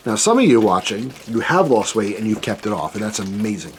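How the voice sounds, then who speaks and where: A man's voice: on the low side, sing-song, a little fast, a little hiss or hum. A man hosting his own vlog, talking candidly and self-deprecatingly in a rambling way with many restarts. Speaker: channel host.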